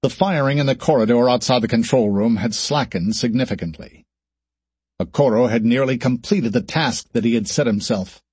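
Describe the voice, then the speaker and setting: A male audiobook narrator with a husky, medium-pitched voice reads scripted narration at a steady pace. The recording is dry and close.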